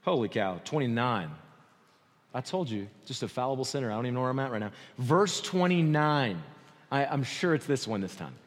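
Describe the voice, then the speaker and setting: A man preaching a sermon as pastor in a conversational, animated way, often checking in with his listeners. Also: mid-range voice, fairly quick. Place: church sanctuary. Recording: long hall reverb.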